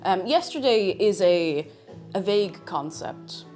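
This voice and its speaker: A woman's voice: medium pitch, animated, slow pace, darkish tone, soft background music. A young Irish woman chatting casually on her livestream, bubbly and chatty as she greets viewers and reads their messages. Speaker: streamer.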